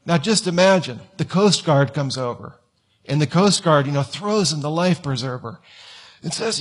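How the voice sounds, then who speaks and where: A man's voice: on the high side, lively intonation, normal speed, breathy edge. A male pastor preaching a conversational sermon in church, now and then acting out whiny quoted voices.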